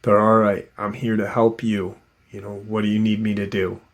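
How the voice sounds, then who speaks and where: A man voicing a calm wife and mother who offers steady, soothing reassurance. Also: lowish voice, normal speed, lightly acted. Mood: reassuring.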